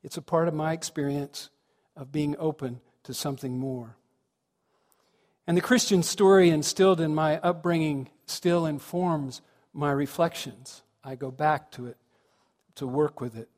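A fairly high-voiced man preaches a thoughtful, conversational sermon. He turns questions back to the congregation as he goes. His voice carries a long reverb from the hall. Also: fairly even intonation, a little slow, a little mellow. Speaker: minister.

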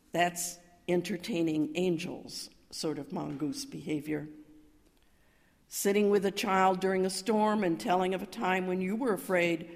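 A woman's voice: on the low side, creaky. Older woman preaching in an echoing hall. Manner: calm storytelling, building to emphatic cries. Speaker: minister. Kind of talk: sermon. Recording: reverberant hall.

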